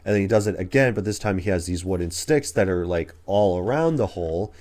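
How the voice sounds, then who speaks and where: Low-voiced man recapping a movie. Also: brisk, a little mellow. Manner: rambling plot recap with many "like"s. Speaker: podcast co-host. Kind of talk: casual movie review chat.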